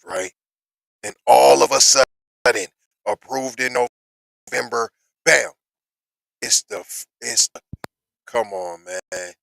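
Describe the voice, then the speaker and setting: A man casually commenting on news he reads aloud, slangy and animated, with excited outbursts, on a close mic in a dry small room. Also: lowish voice, no room sound, rough recording.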